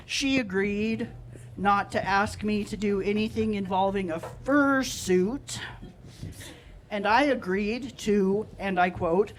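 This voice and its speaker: A man doing a stand-up set, telling a self-deprecating story in a deadpan way at a live comedy show. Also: high-pitched, measured pace, a little hiss or hum, rough recording.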